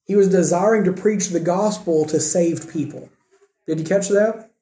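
A man preaching a sermon, asking rhetorical questions and moving between emphatic lines and hushed ones. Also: high-pitched, moderate pace. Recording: echoey room.

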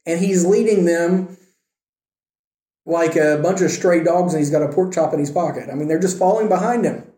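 A man's voice: a little high, normal speed, warm tone, echoey room. A man teaching a casual Bible lesson, retelling a scripture story in a conversational way with wry asides.

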